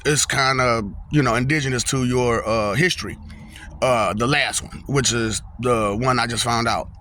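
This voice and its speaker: A young vlogger talks casually to camera outdoors in the wind, his medium-pitched voice pushed and bright with a little hiss or hum. He rambles, laughs often and keeps repeating "you know what I'm saying".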